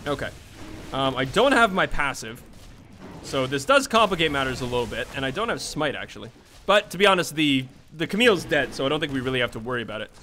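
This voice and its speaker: Bright, excitable gaming commentator man. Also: medium pitch, quick pace, a little hiss or hum. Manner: chatty, excitable, swears at teammates. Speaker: gaming streamer. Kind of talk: live gameplay commentary.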